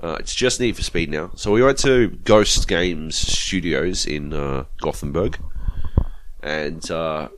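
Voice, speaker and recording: A man's voice: extremely low pitch, slow, slight background noise. An Australian man telling a rambling, profanity-laced story on a casual gaming podcast. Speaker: podcast co-host. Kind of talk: casual chat.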